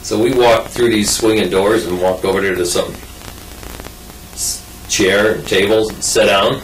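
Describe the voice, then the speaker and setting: A man's voice: lowish voice, steady tone, measured pace, recorded from a distance. Older guy rambling thru an old story, folksy, roomy sound from off mic, faint hiss behind. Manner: rambling, folksy, with restarts and asides. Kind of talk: casual oral history.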